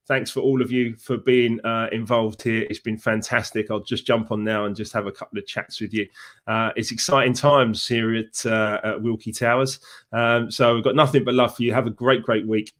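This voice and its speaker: A man's voice: mid-range voice, level tone, moderate pace, fairly bright tone. A man with a Cockney accent, a success coach chatting upbeat and casually to viewers on a live stream. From England. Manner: upbeat, chatty, many fillers.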